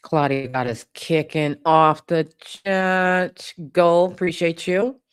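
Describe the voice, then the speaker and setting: A woman's voice: low-pitched, little pitch movement, takes it slowly, clear, resonant tone. Brief: woman livestream host, casual, chatty, thanking viewers. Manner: warm, chatty, swears casually. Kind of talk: casual livestream chat, reading viewer donations.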